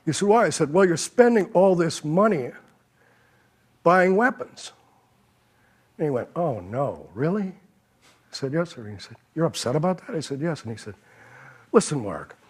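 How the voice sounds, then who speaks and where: A man's voice: on the high side, breathy edge. An older man speaking on a policy panel, telling anecdotes and acting out the people he quotes. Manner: anecdotal, quotes others, chuckles at his own stories.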